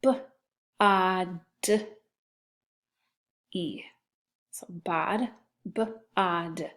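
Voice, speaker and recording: A woman's voice: on the low side, fairly bright tone. A woman teacher giving a phonics lesson to young children, speaking patiently and spelling words out letter by letter. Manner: slow, patient, drawn-out spelling.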